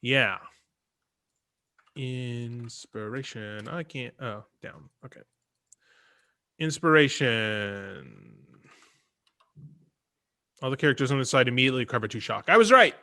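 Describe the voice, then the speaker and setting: Male game master, bright and forward voice, chatty, fills his talk with "uh" and "um". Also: mid-range voice, animated, unhurried, pauses often. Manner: chatty, many fillers and restarts. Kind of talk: narrating a tabletop game.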